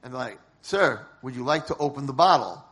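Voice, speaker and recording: Animated rabbi, hushed to shouting. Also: male voice, mid-range voice, fairly quick. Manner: dramatic storytelling, swings from hushed to shouting. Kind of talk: sermon.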